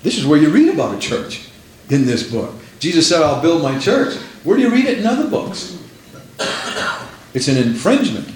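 A man's voice: a little high, very animated, normal speed, slight background noise. A man preaching a sermon, emphatic, repeating phrases for effect. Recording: roomy echo.

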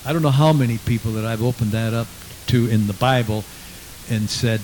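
A man's voice: mid-range voice, fairly quick, a little mellow, rough recording. Fervent male preacher with faint hiss. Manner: fervent, repeats praise phrases, reads scripture aloud. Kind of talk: sermon.

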